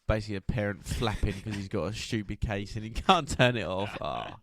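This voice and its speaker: A man co-hosting a football podcast, chatty and quick to laugh. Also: lowish voice, expressive, fairly bright tone. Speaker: podcast co-host. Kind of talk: casual football podcast chat.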